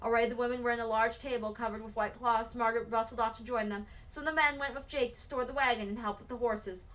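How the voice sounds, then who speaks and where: Bright-voiced woman reading a storybook. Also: fairly high pitch, steady tone, quick pace, rough recording. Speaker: read-aloud narrator. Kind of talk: reading a children's novel aloud.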